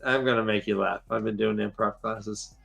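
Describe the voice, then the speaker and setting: A man's voice: fairly low pitch, steady tone, moderate pace, vocal fry, a bit bright, voice pushed down. A man doing an awkwardly flirty giant warrior. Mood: awkward flirting. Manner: casual, laid-back mumbling. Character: huge brawny male warrior, awkwardly flirty.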